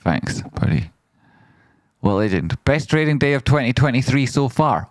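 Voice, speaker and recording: A man hosting a trading livestream, bouncing between playful shout-outs to viewers and quick remarks on trades. His voice sits at an ordinary middle pitch, and the sound is close and dry with almost no room around it. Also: no room sound. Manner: excitable, jokey, rapid shout-outs with playful exclamations. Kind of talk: lively livestream chat, reading out members and donations.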